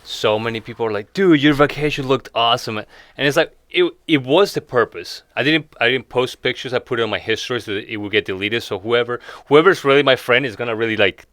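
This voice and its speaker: A man's voice: medium pitch, quick pace, fairly bright tone, no echo, studio quality. A man hosting a casual podcast chat, talking in a laid-back, profane way and laughing easily. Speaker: podcast host.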